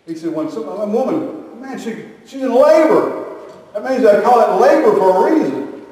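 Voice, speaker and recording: A man's voice: sits high, expressive, moderate pace, darkish tone. A man preaching a sermon, telling stories with animation and acting out the voices of the people in them. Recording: echoey hall from a distance.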